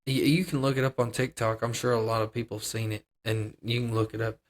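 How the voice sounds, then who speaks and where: A man's voice: mid-range voice, little pitch movement, quick pace. A man co-hosting a casual podcast chat, rambling and hedging with many restarts. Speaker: podcast co-host.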